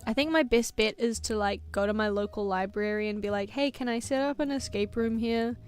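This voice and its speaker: Brief: young New woman, slightly high voice, rambling self-mocking streamer chat, faint music underneath. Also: brisk. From New Zealand. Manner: rambling, self-mocking, laughs between thoughts. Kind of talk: casual chat while drawing on stream.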